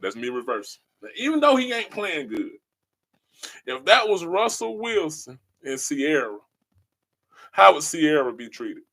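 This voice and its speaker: A man's voice: on the high side, very animated, measured pace, creaky, fairly bright tone. A man hosting a podcast, delivering a passionate monologue in an emphatic, preachy way and repeating his key phrases. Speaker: podcast host.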